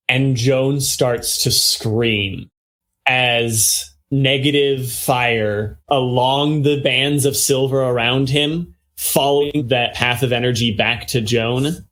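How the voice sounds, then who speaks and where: A man narrates a tabletop game as its game master, taking his time over every sentence. He switches between dice rules and scene description in a measured, even delivery, at a middle pitch for a man.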